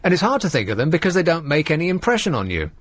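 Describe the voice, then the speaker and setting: Brief: male radio host, sardonic and rambling, higher-pitched, dry close studio sound. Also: sing-song, very fast, no echo. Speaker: radio talk show host. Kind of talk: casual radio chat. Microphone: studio microphone.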